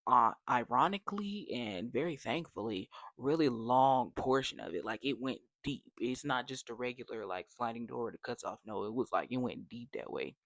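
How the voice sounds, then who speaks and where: A young adult man telling a casual storytime, animated and slangy, dropping to whispers for effect. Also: mid-range voice, normal speed, vocal fry, hardly any pauses, dry recording. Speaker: vlogger.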